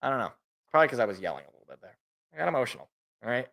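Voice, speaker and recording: A man hosting a casual sports talk show, rambling and correcting himself, his voice worn out from yelling. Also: medium pitch, very animated, racing, gravelly. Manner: rambling, self-correcting, laughs at own jokes. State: voice feels worn out. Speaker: sports podcast host.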